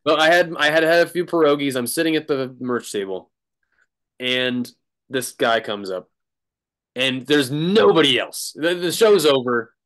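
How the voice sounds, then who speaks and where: Guest drummer, male, mid-pitched, casual and rambling, laughs through his stories. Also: measured pace, fairly bright tone. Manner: rambling, laughs often, many restarts. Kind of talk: casual storytelling.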